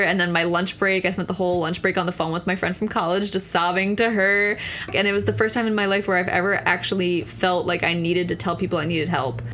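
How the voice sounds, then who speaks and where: A young woman in her twenties speaks as a podcast guest, telling her own story in an earnest, candid way. Her voice sits on the lower side and she fills her sentences with casual "like"s. A faint hiss runs under the recording. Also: fairly bright tone. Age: 20s. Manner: earnest, candid, frequent "like" fillers. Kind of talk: conversational personal story.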